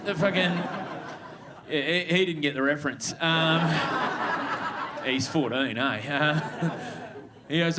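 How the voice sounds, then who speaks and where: A man's voice: on the high side, takes it slowly, long pauses. A man in his thirties with an Australian accent, doing a laid-back, sweary stand-up set and chatting with the crowd. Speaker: stand-up comedian. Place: comedy club stage with audience.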